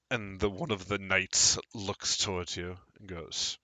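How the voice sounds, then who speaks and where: A man's voice: low voice, level tone, a little slow, sharp tone, no echo. A man running a tabletop game as game master, narrating and ruling with a playful manner, often laughing.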